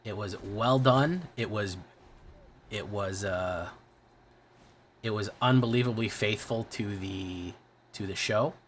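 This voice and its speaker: Young male streamer, Midwest accent, lowish voice, loose and profane, faint background hiss. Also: bright, forceful tone. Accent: American Midwest. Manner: profane, rambling, self-correcting. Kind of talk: casual livestream chat.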